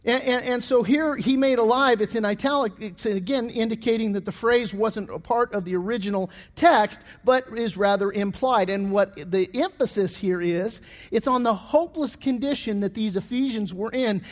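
A man's voice: high voice, moderate pace, long reverb tail. A middle-aged man preaching a sermon as pastor, telling stories with many restarts and fillers.

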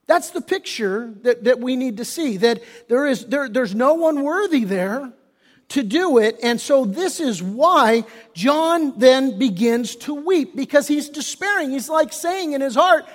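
A man's voice: extremely high pitch, expressive, a little slow. A man preaching a sermon as pastor, impassioned and folksy, rising and dropping his voice, often restarting phrases. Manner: casual folksy wording. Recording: long reverb of a church hall.

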